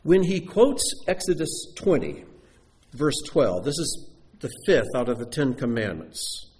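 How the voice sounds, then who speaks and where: A man delivers a sermon from the front of his sanctuary, speaking right to the congregation. His voice sits in a middle register but swings widely in pitch as he explains and quizzes his listeners. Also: unhurried. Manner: animated, asks the congregation questions. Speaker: pastor.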